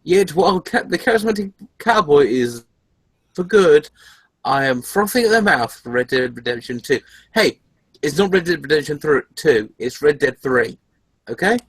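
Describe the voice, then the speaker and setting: A man's voice: fairly high pitch, lively intonation, normal speed, a bit bright, breathy edge, no room sound. A man hosting a casual podcast chat, reading an article aloud and poking fun at it with sarcastic asides. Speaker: podcast host.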